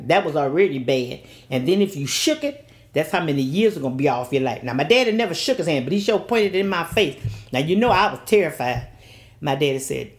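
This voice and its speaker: An older woman tells a story from her childhood in a lively, preacher-like way. Her fairly low voice swings widely in pitch as she acts out every part. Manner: animated, acts out every character.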